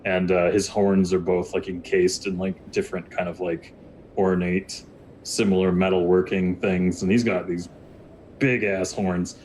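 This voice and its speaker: Deep-voiced rambling game master. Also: male voice, level tone, a little slow, darkish tone, a little hiss or hum. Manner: rambling, many fillers and restarts. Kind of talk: narrating a tabletop game.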